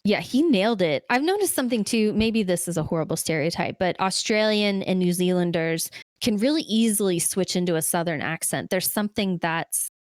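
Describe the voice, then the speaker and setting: A woman's voice: fairly low pitch, expressive, fairly quick, hardly any pauses, dry recording, clean studio sound. A woman co-hosting a podcast, chatting casually about a movie with lots of fillers. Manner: chatty, rambling with many fillers. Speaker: podcast co-host. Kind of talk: casual movie review chat.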